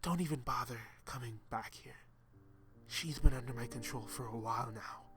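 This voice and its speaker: A man's voice: medium pitch, moderate pace, crowd noise, lightly acted. A man voicing a sinister demonic little boy who taunts in a whispery, mocking voice. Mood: taunting whisper. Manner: mocking, sneering.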